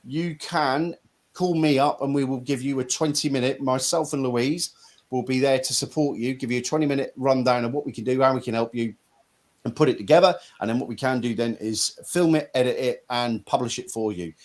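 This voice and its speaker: A man's voice: mid-range voice, fairly quick. A middle-aged man from Norfolk, England, hosting a casual live-stream chat in a blunt, chatty way with some mild swearing. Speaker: host.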